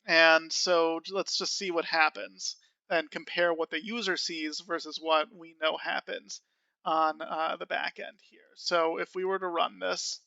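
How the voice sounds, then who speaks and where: A man talks through a coding tutorial in a relaxed, self-amused way, full of ums and uhs. His voice is fairly high and gravelly yet crisp, with a flat, even delivery. The recording is dry and a little dull. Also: unhurried, no room sound. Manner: casual and self-amused, many fillers. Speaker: programming tutor.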